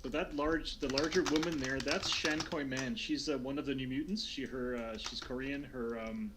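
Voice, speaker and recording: A man's voice: mid-range voice, steady tone, normal speed. A man hosting a streamed tabletop game, chatting loosely with many fillers and restarts before the recap. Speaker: game master. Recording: noisy online call with keyboard clicks.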